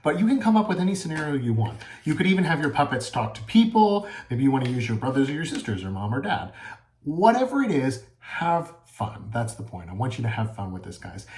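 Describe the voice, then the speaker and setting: A man's voice: medium pitch, very animated, brisk, darkish tone. A male teacher giving a home lesson on making and performing puppets, with friendly step-by-step instructions. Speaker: elementary school teacher. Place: at home by a table.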